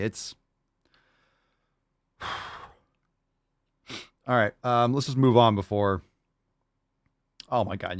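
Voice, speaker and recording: A man hosting a casual solo podcast, reading out fan posts with loud, jokey, profane energy. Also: mid-range voice, no echo, clean studio sound. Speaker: podcast host.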